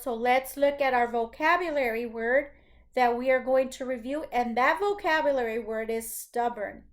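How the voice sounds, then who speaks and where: A woman teaching first grade, reading a story aloud and patiently explaining it to young children. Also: sits high. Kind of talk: classroom read-aloud lesson.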